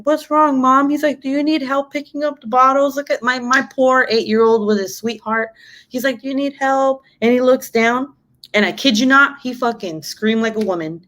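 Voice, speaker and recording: A young adult woman chatting casually to camera, telling a story with lots of swearing and acted-out quotes. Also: medium pitch. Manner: animated, swears freely, acts out quotes. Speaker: mom vlogger.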